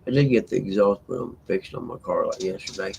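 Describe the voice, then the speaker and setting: A man's voice: low voice, a little fast, vocal fry, darkish tone, a little hiss or hum, low-quality recording. A man hosting a live stream, rambling in a laid-back way and chatting to viewers by name. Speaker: livestream host reading chat. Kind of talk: casual live-stream chat.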